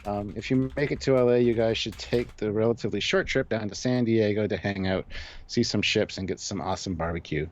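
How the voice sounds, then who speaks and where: A man's voice: fairly low pitch, brisk, lo-fi sound. A man co-hosting a live stream, chatting casually, reading viewer comments aloud and laughing often. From Canada.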